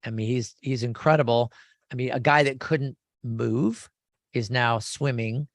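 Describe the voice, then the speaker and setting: Man, 50s, radio host, gravelly voice, enthusiastic, rambling, restarts often. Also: mid-range voice, unhurried, no echo, studio quality. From California. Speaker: radio show host and lawyer. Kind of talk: casual radio talk.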